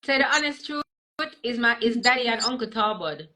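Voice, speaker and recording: Guesting over a video call, a Jamaican comedian shares stories in a relaxed interview, mixing patois with English. Her voice is a little high, fairly quick, pushed and bright with lively intonation, though the recording is rough.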